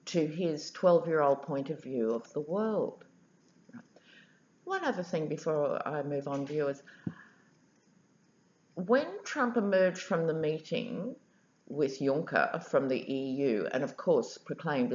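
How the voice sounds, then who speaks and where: Woman, tarot reader, wry and chatty, low voice, unhurried. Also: a little mellow, reverberant. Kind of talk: casual vlog storytelling. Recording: dull lo-fi audio.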